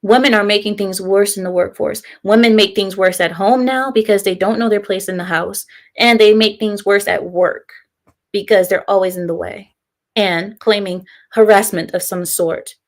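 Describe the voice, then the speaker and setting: A woman's voice: medium pitch, steady tone, normal speed. A young woman hosting a casual live stream, giving her opinions and reading viewer comments aloud, often breaking into laughter.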